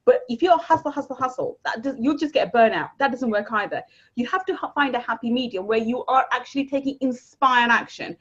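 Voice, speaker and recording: A woman with a husky, slightly raised voice, chatting quickly as a guest coach. She keeps repeating words and leaps up in pitch to stress a point. The recording sounds dull and lo-fi. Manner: animated, repeats words, jumps to higher pitch for emphasis. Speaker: guest, money mindset coach. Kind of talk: casual interview chat.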